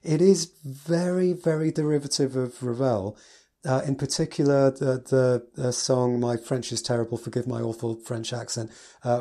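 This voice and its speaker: A man's voice: mid-range voice, warm tone. A man, a piano teacher, giving a casual spoken review from his notes, enthusiastic and gushing with adjectives.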